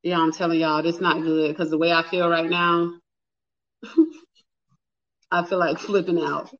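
A flustered woman chatting live with her viewers, her voice bright and forceful. The sound is a little dull and lo-fi. She talks casually and addresses everyone as y'all. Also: lowish voice, little pitch movement, measured pace. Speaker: livestream host.

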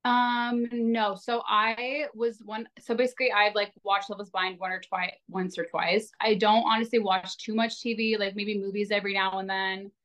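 A young woman in her twenties speaking as a guest in a relaxed podcast conversation. She rambles through her stories, leaning on "like" constantly. She pokes fun at herself, and her voice sits at an average pitch for a woman. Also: moderate pace, hardly any pauses. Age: 20s. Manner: rambling, heavy on filler "like", self-deprecating. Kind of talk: casual podcast chat.

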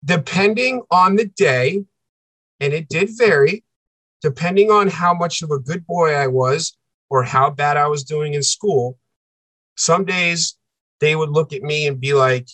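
Male interview guest, earnest and halting storyteller; slightly raised pitch, dry recording. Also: fairly bright tone, no echo, rough recording. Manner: earnest, halting, repeats himself for emphasis. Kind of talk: personal storytelling.

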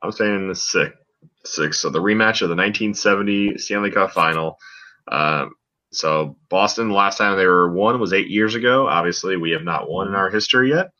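Deep-voiced man, bright and lo-fi. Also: normal speed. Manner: loose, chatty, many fillers. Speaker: podcast co-host. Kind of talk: casual sports podcast chat.

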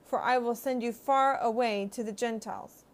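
A woman's voice: fairly high pitch, fairly even intonation, normal speed, natural voice. A woman voicing the commanding male voice of God from heaven, firm and direct.

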